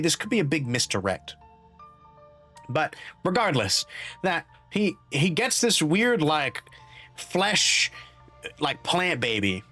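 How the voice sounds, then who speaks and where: Young man, streamer, game commentary, animated, rambling, lively pitch, faint background music. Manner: animated, rambling, laughs often, swears.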